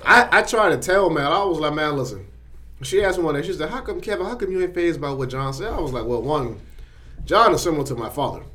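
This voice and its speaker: Fast-talking young man telling profane stories. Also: fairly high pitch. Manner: animated storytelling, profane, acts out quotes. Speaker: podcast host. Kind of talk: casual podcast banter. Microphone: studio mic.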